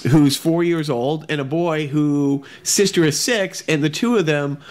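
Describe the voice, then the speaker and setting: A man co-hosting a casual podcast, talking in a halting way with many restarts. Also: on the high side. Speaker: podcast co-host. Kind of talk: casual chat. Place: echoey room at home.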